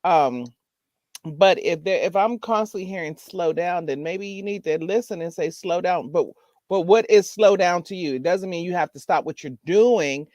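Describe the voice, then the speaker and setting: A man with a fairly high voice, a podcast guest in casual chat. He thinks out loud, restarting and repeating his questions, and the recording is close and dry. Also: normal speed, no echo.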